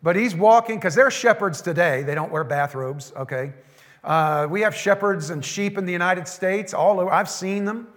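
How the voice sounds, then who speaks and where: A pastor preaching a sermon, slowing down to stress the scripture lines he quotes. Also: high voice, a bit bright, long reverb tail.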